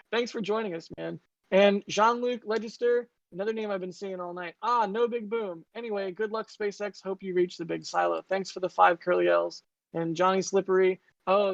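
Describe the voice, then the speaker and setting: Brief: giggly, chatty stream co-host reading viewer messages, mid pitch, dull lo-fi dry mic. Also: no echo. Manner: giggly, chatty, quick asides. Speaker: livestream co-host. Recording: muffled lo-fi dry audio.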